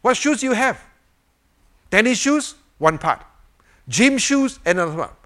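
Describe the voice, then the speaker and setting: Animated high-voiced older male preacher. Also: unhurried. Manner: animated, repetitive rhetorical questions, chuckles often. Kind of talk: informal sermon with a fidget toy demonstration.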